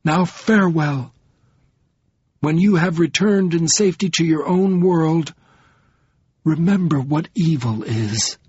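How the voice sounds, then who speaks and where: A man's voice: a little high, slow pace, pauses often, darkish tone, breathy edge, no echo, pitched above the performer's own voice. A man voicing a bitter, proud woman who speaks in vehement, formal outbursts. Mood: icy. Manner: spitting, vehement, formal speech. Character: bitter, proud woman in fierce, cold fury. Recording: dull, lo-fi sound.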